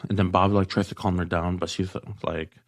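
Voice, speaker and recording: A man's voice: low-pitched, little pitch movement, fairly quick, vocal fry, no echo, studio quality. A man telling a story as a podcast guest, hesitant and full of "like" fillers. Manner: hesitant, heavy use of "like" fillers. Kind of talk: casual storytelling.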